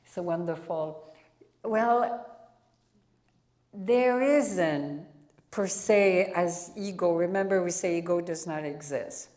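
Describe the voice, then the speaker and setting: A woman with a French accent leads a spiritual satsang in front of a live audience, taking her time over every phrase. Her voice sits somewhat low. She pauses and restarts as she searches for words. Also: a little mellow. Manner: unhurried, drawn-out phrasing with frequent restarts. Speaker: spiritual teacher.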